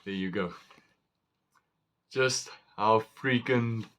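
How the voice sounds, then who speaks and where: Male knife reviewer, low and slow delivery, casual and rambling. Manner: chatty and excitable, rambling with fillers. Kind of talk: casual unboxing chat.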